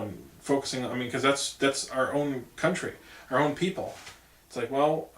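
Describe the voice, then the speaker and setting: A man's voice: mid-range voice, a bit bright. A man giving a casual political monologue as a campaign vlogger, rambling with many asides. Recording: echoey room.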